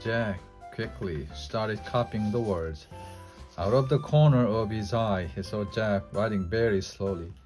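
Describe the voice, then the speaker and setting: A man reading a children's chapter book aloud, slow and deliberate. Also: fairly low pitch, darkish tone, soft background music. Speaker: storybook reader.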